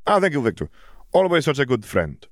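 A man voicing a cheerful, slightly drunk foreign schoolboy, overfriendly and bright. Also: mid-range voice, huge pitch swings, a little fast, no room sound, clean studio sound, voice pushed up. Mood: happy.

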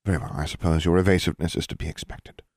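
A man's voice: low-pitched, steady tone, rapid-fire, darkish tone, dry recording, studio quality. Man doing a cool, icy witch dean. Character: cool, steady older witch dean, female.

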